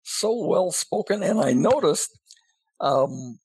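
A man who is a regular guest on a radio talk show, speaking casually in a halting way with many fillers. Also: a little high, expressive, a little mellow, breathy edge, dry recording.

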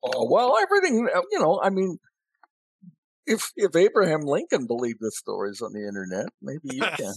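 A man's voice: fairly high pitch, very animated, normal speed, vocal fry, breathy edge, no echo. A man as a podcast guest in casual chat, answering with short dry quips. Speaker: guest columnist.

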